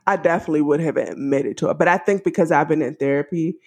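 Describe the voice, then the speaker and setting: A woman in her thirties with a Washington DC accent, co-hosting a podcast in casual chat, animated and laughing often. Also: low-pitched, quick pace, slightly rough. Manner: animated, laughs often, acts out quoted voices. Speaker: podcast co-host.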